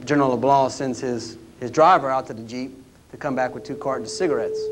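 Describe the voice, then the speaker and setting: A man, a historian telling anecdotes in a lecture, in a folksy way with frequent restarts. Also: mid-range voice. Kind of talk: storytelling lecture. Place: lecture room at a history roundtable.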